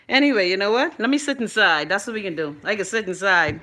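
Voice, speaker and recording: Loud, gossipy young Bahamian woman. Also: mid-range voice, fast, hardly any pauses. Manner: loud, animated, gossipy, swears freely. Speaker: live-stream host. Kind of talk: casual live-stream chat.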